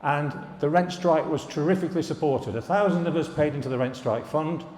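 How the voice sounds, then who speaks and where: A man's voice: on the high side, a little fast, darkish tone, slight background noise. An older man gives an anecdotal anniversary speech to alumni, recalling student days with wry asides and jokes. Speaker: former students' union president giving an anniversary speech. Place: large hall at a live event. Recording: echoey hall, reverberant room.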